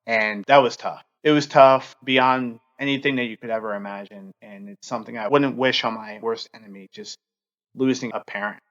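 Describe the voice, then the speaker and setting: A man in his thirties speaks at an ordinary middle pitch, earnest and open as he tells a personal story on his podcast. His talk is halting and full of fillers. The recording sounds slightly dull and lo-fi. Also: steady tone, a bit bright. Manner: halting, heavy use of fillers. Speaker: podcast host.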